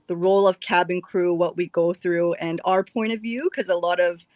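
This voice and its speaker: A woman's voice: on the low side, steady tone, moderate pace, a little mellow, dry recording. A woman chatting casually as a livestream guest, talking about her online work and laughing often. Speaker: guest, former cabin crew content creator.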